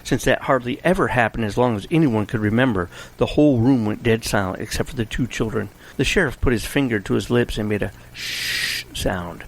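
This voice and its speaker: Gravelly-voiced male storyteller. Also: mid-range voice, fairly quick, few pauses, rough recording. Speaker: narrator. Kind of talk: storybook narration.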